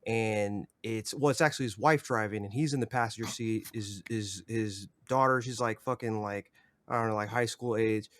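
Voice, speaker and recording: A man's voice: lowish voice, normal speed, a bit bright. A young man, a podcast guest, telling a story casually and profanely, with many fillers. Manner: profane, rambling, filler-heavy.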